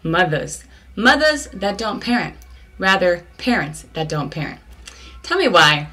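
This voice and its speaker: A woman from California hosting her own vlog, telling stories in a slangy, comic rant with sudden high outbursts. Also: very animated, measured pace, bright, forceful tone. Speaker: vlog host.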